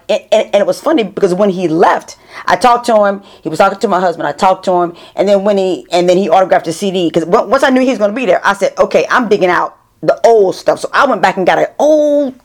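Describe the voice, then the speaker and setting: A middle-aged woman interviewing a guest in a casual, animated chat, full of restarts. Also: mid-range voice, brisk. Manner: chatty, animated storytelling with many restarts.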